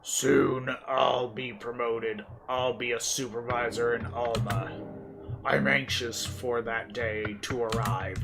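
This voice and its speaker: A man voicing an ambitious male guard in a game, talking low and quiet, over game music. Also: fairly even intonation, takes it slowly, gravelly, over a noisy crowd. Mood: eager.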